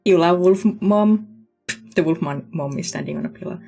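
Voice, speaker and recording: A woman's voice: on the low side, moderate pace, vocal fry, warm tone, breathy edge, faint music behind. A woman streamer chatting casually and candidly while playing a game. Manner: chatty and candid, reacting with laughs.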